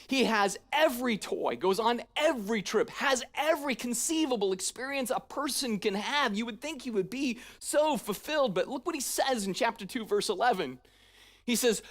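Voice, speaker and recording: Pastor preaching in church, mid pitch, chatty, keeps saying "right?" and acting stuff out. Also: moderate pace. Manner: conversational, often checking in with "right?"; acts out paraphrased lines in a lively, casual voice. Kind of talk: sermon.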